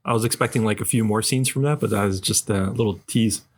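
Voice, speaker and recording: A man co-hosting a laid-back podcast, his voice sitting a little low. He meanders through his points with plenty of ums and uhs, in an easy, conversational way. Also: fast, husky. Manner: relaxed, rambling, with many fillers. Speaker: podcast co-host. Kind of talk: casual chat about films.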